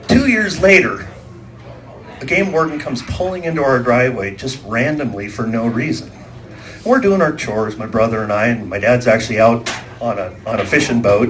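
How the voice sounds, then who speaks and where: Lively-pitched man doing stand-up. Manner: folksy storytelling with acted-out voices and sound effects. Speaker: stand-up comedian. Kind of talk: stand-up comedy set. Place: small venue with a live audience.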